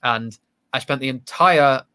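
A man's voice: medium pitch, a little slow, sharp tone, clean tone. A young man, an actor, chatting in an interview in a rambling, self-deprecating way with many restarts. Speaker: stage actor guest. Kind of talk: casual interview chat.

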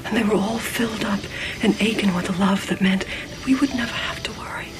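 An actress playing a devoted mother in a film, speaking hushed with a Boston accent over music. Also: medium pitch, fairly even intonation, a little fast, close to an everyday voice. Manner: hushed, whispery. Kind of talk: film clip, hushed dramatic speech. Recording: film clip with music behind.

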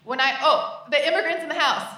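A woman from the United States performing stand-up comedy on a live stage, with deadpan, repeated punchlines. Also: high voice, fairly quick. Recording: echoey live venue, distant mic, noise.

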